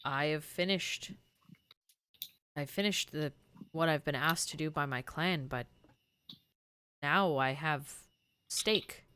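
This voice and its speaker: A woman's voice: low-pitched, pushed and bright, clean tone, full character voice. A woman playing a solemn lizardfolk druid. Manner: solemn, earnest, deliberate. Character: devoted lizardfolk druid parent.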